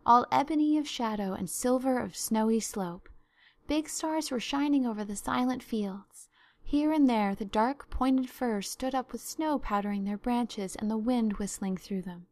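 A woman's voice: on the high side, darkish tone, dry recording. Woman narrating a classic novel. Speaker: audiobook narrator.

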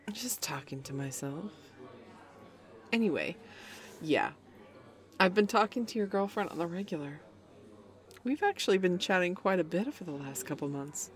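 A woman's voice: medium pitch, natural voice. A young woman voicing a cocky, taunting female best friend in an audio role-play, talking in a smug, playful way.

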